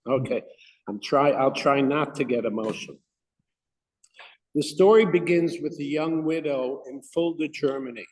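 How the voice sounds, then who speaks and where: A man giving a talk at a synagogue, reading a prepared text in a halting way with many restarts and pauses. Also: a little high, a little mellow. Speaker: lay speaker giving a talk. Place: synagogue room. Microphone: microphone not working. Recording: long reverb in a hall.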